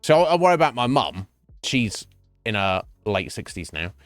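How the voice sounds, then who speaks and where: A man with a lowish voice rambles and swears freely while casually chatting on a gaming stream at home. He sounds very animated at a normal pace, with a dry recording and soft music playing in the background.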